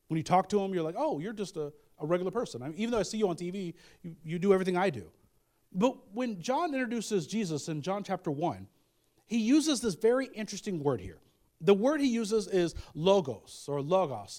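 A man's voice: high-pitched, a little mellow. A man preaching a Christmas sermon in a conversational way, with asides, repeated phrases and restarts. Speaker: pastor.

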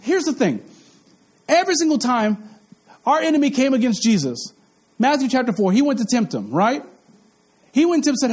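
High-voiced man preaching with fervor. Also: sing-song, fairly quick, pauses often, darkish tone. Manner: impassioned, repetitive, asks the crowd questions. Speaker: pastor. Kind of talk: sermon.

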